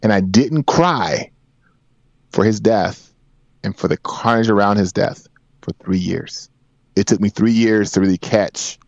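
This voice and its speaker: Man in his forties, low voice, earnest emphatic storytelling, dry dull lo-fi recording. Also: unhurried, pauses often, darkish tone, no room sound. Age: 40s. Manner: earnest, repetitive emphatic phrasing. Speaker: guest. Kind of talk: podcast interview storytelling.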